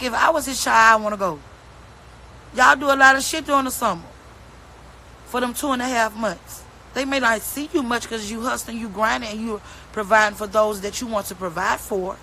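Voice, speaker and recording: A woman's voice: fairly high pitch, bright, forceful tone, slight background noise, rough recording. A woman, ranting bluntly and profanely into her phone during a livestream. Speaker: mother speaking out on social media. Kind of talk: angry livestream rant.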